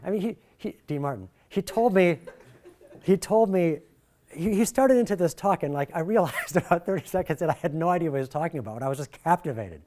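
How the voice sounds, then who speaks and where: A middle-aged man leading a workshop, talking in a jokey, animated way and swinging his pitch and volume a lot. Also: fast. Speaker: workshop presenter. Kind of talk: lively workshop talk.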